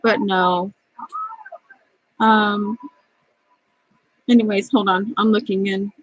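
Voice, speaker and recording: A woman's voice: medium pitch, little pitch movement, slow pace, no room sound, low-quality recording. A middle-aged woman telling a rambling, angry story about work in a vlog. She is close to tears and often restarts her sentences. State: near tears. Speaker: vlogger.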